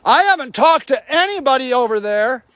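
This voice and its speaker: A man livestreaming from a homeless camp sweep, shouting angrily and confronting officials. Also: very high-pitched, lively intonation, normal speed, dry recording, clean studio sound. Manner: shouting, furious, accusatory. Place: outdoor homeless camp in snow.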